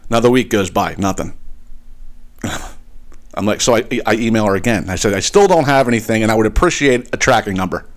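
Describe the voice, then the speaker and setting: A man's voice: lowish voice, brisk. Profane, exasperated man ranting. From eastern Pennsylvania. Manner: profane, exasperated, animated retelling. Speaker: podcast host. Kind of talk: casual storytelling rant.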